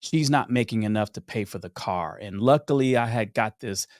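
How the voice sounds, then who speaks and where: A man's voice: lowish voice, moderate pace, dry recording, studio quality. A man in his thirties, a podcast guest telling his story and acting out the people in it. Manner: animated, acts out the people in his stories. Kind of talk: storytelling in conversation.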